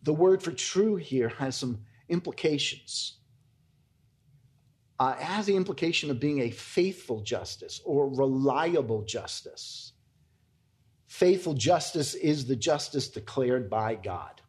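A pastor preaches an earnest, emphatic expository sermon to his congregation, calling his listeners "folks." His mid-range voice is animated yet unhurried and a little mellow.

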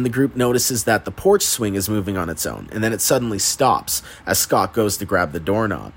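A man's voice: fairly low pitch, lively intonation, moderate pace, few pauses, breathy edge. A man hosting a podcast, giving a casual, chatty movie recap with swearing and laughter. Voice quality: chatty, profane, laughs at the plot. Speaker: podcast host.

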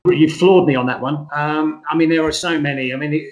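A middle-aged actor, appearing as a guest in a conversational interview, talks through his ideas in an earnest, rambling way with lively emphasis. His voice is on the high side and a little fast. The recording has a roomy echo.

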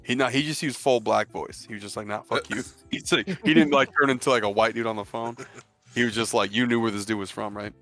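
A man's voice: mid-range voice, steady tone, quick pace, fairly bright tone, faint music behind. A man in crude casual podcast chat, telling a story with lots of swearing and laughs, acting out the people he quotes. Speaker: podcast co-host.

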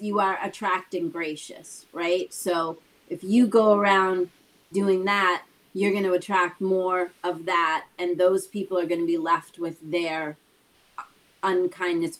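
A woman's voice: medium pitch, fairly bright tone, rough recording. A woman hosting a casual talk show, explaining her points earnestly and checking in with "right?". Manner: earnest, talks things through with repeated "right?". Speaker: host.

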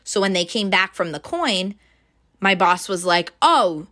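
A young woman in casual chat, retelling a workplace story and acting out what each person said, with a steady stream of "like". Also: medium pitch, measured pace. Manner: animated storyteller, fills with "like", acts out quotes. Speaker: bank teller telling a story.

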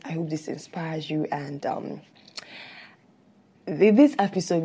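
A woman with a low, husky voice hosts a heartfelt faith-based podcast episode. Her tone is mellow as she speaks earnestly and encouragingly, a little nervous. She rushes her words now and then and stammers. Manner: talks fast and stammers at times. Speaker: podcast host.

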